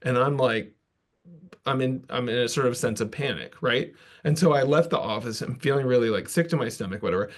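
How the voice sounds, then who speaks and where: A man speaks to a conference audience and tells a workplace story. His delivery is casual and self-deprecating, full of offhand asides. His voice sits at a middling pitch. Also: a little fast. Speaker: conference presenter. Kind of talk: conversational storytelling talk.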